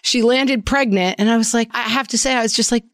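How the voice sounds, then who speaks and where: A woman's voice: fairly high pitch, a little fast, no echo. Wry fifty-year-old woman, dry sound. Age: 50s. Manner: wry, self-mocking, animated storytelling. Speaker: podcast co-host. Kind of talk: casual chat.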